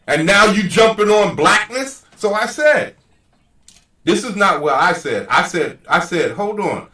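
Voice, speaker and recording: A male host delivers a heated, profane, argumentative rant in a casual style. His voice runs fairly high for a man and sounds somewhat distant from the microphone. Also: lively intonation, measured pace, pushed and bright, reverberant. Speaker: channel host.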